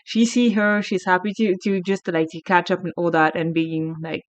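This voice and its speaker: A woman's voice: lowish voice, flat delivery, moderate pace. A woman vlogger chatting casually, frank, crude and rambling. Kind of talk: casual unscripted chat. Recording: muffled lo-fi sound.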